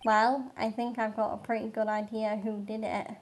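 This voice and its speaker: A woman's voice: a little high, little pitch movement, moderate pace, noisy background, natural voice. A British woman reading as an earnest young male lawyer. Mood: determined.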